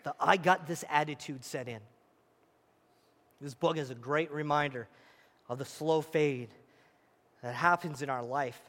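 A pastor preaching a sermon in a church, animated and acting out the voices of scripture. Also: male voice, on the high side, measured pace, long pauses. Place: church auditorium. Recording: echoey hall.

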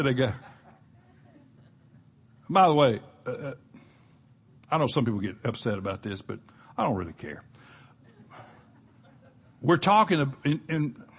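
A middle-aged male pastor delivers a sermon in a blunt, emphatic way, often restarting his sentences. His voice is husky and sits at an average pitch. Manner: plain-spoken, emphatic, frequent restarts.

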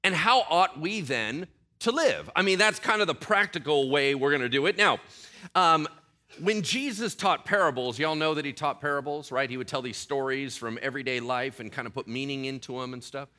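A man's voice: medium pitch, moderate pace, bright, forceful tone. A middle-aged man preaching a sermon in a conversational way, often asking the congregation questions. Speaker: pastor.

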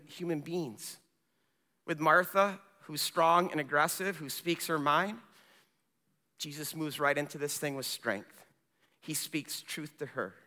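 Impassioned male pastor in a reverberant church. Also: on the high side. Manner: impassioned, swinging between loud emphasis and hushed speech. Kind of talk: sermon.

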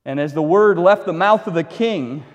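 A man preaching a sermon, retelling a Bible story with animated storytelling, acting out the characters and adding wry asides. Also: fairly high pitch, moderate pace, long reverb tail. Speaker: pastor.

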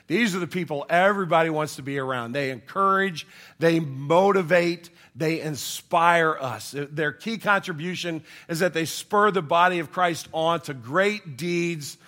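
A bright, slightly high-pitched man preaching to his congregation. He talks in a conversational way, acts out the voices he quotes, and swings from loud emphatic lines to quiet, hushed asides. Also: a little slow. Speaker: pastor. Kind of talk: sermon.

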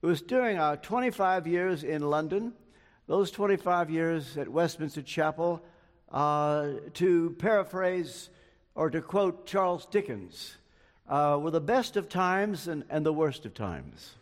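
Older guy preaching, slow and earnest, kinda high voice, long hall echo. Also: lively intonation. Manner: slow, measured, earnest, with personal anecdotes. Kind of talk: sermon.

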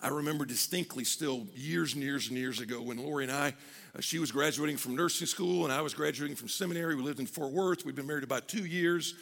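A middle-aged pastor, preaching a sermon conversationally and acting out people's prayers with energy. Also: male voice, fairly high pitch, fast, vocal fry, fairly bright tone. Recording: long reverb of a hall.

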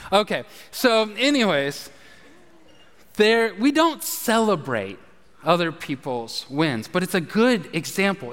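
High-voiced pastor in a reverberant sanctuary. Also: male voice, a bit bright, clear, resonant tone. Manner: conversational, joking with the congregation. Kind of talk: sermon. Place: church sanctuary.

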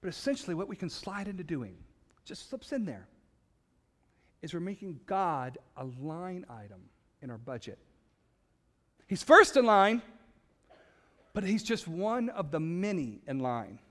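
A man preaching a sermon as a pastor, emphatic, with dramatic pauses. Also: sits high, sing-song, a bit bright, long reverb tail.

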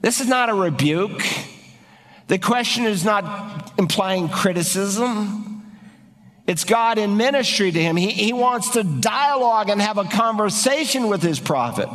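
A man's voice: high-pitched, animated, a little slow, a bit bright. A man preaching an expository sermon, speaking emphatically and asking the congregation rhetorical questions. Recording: reverberant hall with faint music.

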